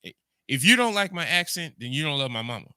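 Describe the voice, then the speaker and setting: A man's voice: fairly high pitch, sing-song, quick pace, bright, forceful tone, clear, resonant tone, dry recording. A man with a Jamaican accent hosting a livestream, rambling through ideas, repeating words and answering his chat. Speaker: podcast host. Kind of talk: casual livestream commentary.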